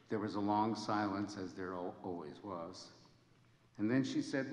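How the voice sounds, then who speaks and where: A man in his seventies gives an earnest, measured ceremony speech in a large hall. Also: fairly low pitch. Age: 70s. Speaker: honorary degree recipient giving a speech. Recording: echoey hall with long reverb.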